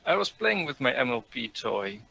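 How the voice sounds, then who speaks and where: A teenage man reading a fanfic aloud with a reluctant, halting delivery. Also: mid-range voice, sing-song, creaky, sharp tone, husky, poor audio. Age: teens.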